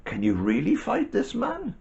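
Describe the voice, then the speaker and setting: A tall, doubtful king from a bedtime Bible story, as a storyteller puts him on. He sounds hesitant and grudging, a little higher than the reader's own voice, and the recording is dull. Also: huge pitch swings, unhurried, vocal fry, a little mellow, full character voice.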